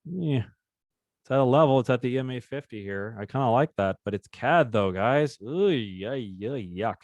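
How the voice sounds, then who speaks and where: A man's voice: medium pitch, a little fast, no room sound, muffled recording. A man hosting a live trading session, talking through charts in a chatty, upbeat way and joking with the group. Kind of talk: casual live trading demonstration.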